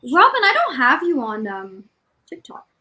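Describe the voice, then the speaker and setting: A woman's voice: high-pitched, huge pitch swings, moderate pace, sharp tone. A woman from Canada with a light Ontario accent, chatting casually on a livestream and filling her talk with "like". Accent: Canadian, from Ontario near the Quebec border. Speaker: livestream co-host. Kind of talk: casual chat.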